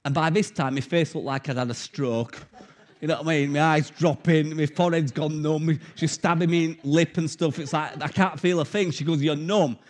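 Middle-aged male preacher, lively conversational sermon, slightly higher voice. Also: normal speed. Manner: animated storytelling, conversational. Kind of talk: sermon with personal story.

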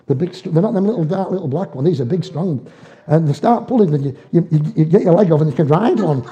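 An older man preaches in a folksy, storytelling way, slipping into dialect and chuckling as he goes. His voice is very mellow and dark in tone, though it sits a little high in pitch. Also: lively intonation, quick pace, muffled recording. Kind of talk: sermon.

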